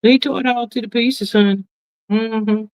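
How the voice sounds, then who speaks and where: A middle-aged woman's voice, on the high side and a little mellow, with fairly even intonation, hosts a folksy, casual live stream. She reads viewer comments aloud and calls everyone honey and child, chatty and emphatic with drawn-out asides. No echo; the sound is dry, lo-fi, and slightly muffled.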